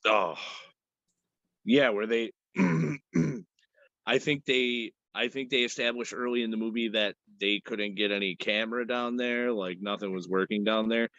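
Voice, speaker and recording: A man's voice: lowish voice, fairly even intonation, measured pace, pushed and bright, no echo, muffled recording. A man co-hosting a podcast, loosely retelling a horror movie scene by scene. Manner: loose, rambling retelling with acted-out quotes. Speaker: podcast co-host. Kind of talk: casual film discussion.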